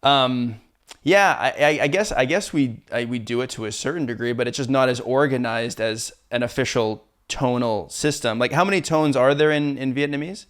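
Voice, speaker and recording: A male host talks in a relaxed, curious way and keeps asking follow-up questions. His voice sits in the middle of the usual male range, and he often stops to rephrase mid-sentence. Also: medium pitch, moderate pace. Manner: curious, asks follow-up questions, filler-heavy. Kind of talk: casual conversation.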